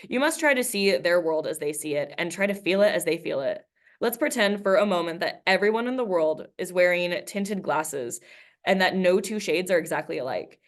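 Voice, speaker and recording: A woman with a lowish, animated voice talks a little fast while leading a recorded class lesson. Conversational with her students, she reads aloud from a book and acts out the dialogue in quotes.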